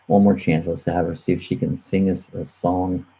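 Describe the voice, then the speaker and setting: A man's voice: deep voice, level tone, moderate pace, warm tone, husky, muffled recording. A man hosting a casual live chat on his own channel, rambling with lots of fillers and chuckles, recorded on a computer webcam mic. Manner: chuckling, many uh fillers and restarts. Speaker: host of a live chat show.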